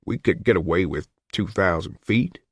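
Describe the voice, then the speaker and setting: A man's voice: fairly low pitch, expressive, moderate pace, no echo, close to an everyday voice. A man voicing a cautious male airline pilot who speaks carefully and hesitantly in an audiobook.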